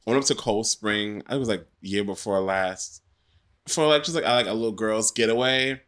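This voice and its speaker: A man's voice: fairly low pitch, moderate pace, a bit bright, clear, resonant tone. A man co-hosting a podcast in casual chat, telling stories with animation and laughing through the punchlines. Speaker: guest co-host.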